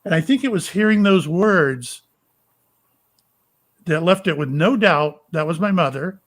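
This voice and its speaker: Older man from Florida, somewhat higher voice, talks in starts and stops; guest telling personal stories. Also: lively intonation. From Florida, USA. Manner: rambling, halting, with many fillers and restarts. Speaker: psychic medium and retired police officer. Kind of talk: casual storytelling interview.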